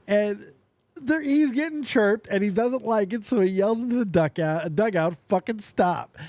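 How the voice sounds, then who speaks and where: A man hosting a show, reacting excitedly to a video clip, often laughing and repeating himself. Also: high voice, dry recording. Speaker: podcast host. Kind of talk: casual reaction commentary.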